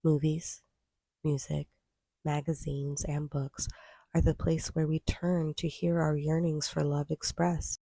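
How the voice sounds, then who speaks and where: A woman reading a nonfiction book aloud in a measured, even way. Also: low-pitched, gravelly, breathy edge, dry recording. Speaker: audiobook reader.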